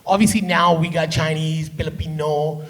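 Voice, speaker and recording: A man from Canada, a stand-up comedian on a theater stage, telling loud, profane family stories and keeping the crowd with him with "right?". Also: fairly high pitch, fairly even intonation, normal speed. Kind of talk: stand-up storytelling.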